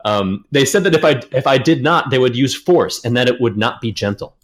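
A man's voice: mid-range voice, animated, a little fast. A man hosting a casual podcast, retelling a story, reading passages aloud and swearing casually. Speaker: podcast host.

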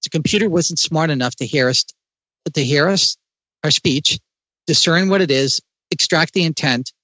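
A man speaking as an interview guest, explaining ideas in a lively way with frequent restarts. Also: a little high, moderate pace, no room sound, lo-fi sound. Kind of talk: conversational interview.

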